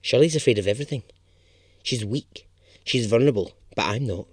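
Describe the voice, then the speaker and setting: A man's voice: mid-range voice, brisk, slightly rough. A man hosting a podcast, telling a true story in a chatty, casual way and swearing now and then for emphasis.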